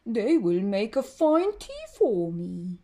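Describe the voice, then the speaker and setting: A woman's voice: mid-range voice, sing-song, slow pace, warm tone, heavily acted. A woman voicing a sly, boastful male fox who mocks a mouse in a storybook reading. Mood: mocking. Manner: mocking, laughing.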